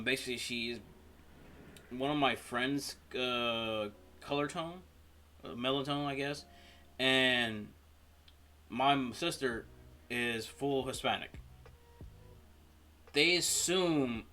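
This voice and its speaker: A man hosting a reaction video, talking through personal stories in a rambling, halting way with many fillers. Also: medium pitch, sharp tone. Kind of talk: casual reaction commentary.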